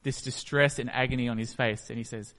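A man's voice: mid-range voice, fairly even intonation, a little fast, a bit bright. Man preaching in an echoey hall. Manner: storytelling, acts out the scene. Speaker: pastor. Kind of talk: sermon.

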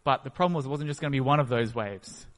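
A man's voice: medium pitch, fast. A man preaching a sermon, retelling a story and acting out its scenes. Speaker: pastor. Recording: echoey hall.

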